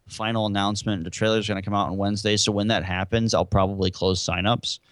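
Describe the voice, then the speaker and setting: A deep-voiced man chats in a relaxed, joking way on a gaming podcast. The sound is dry and close, with no room behind him. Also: quick pace, no room sound. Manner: laid-back, joking. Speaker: podcast co-host and event organizer. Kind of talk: casual gaming podcast chat.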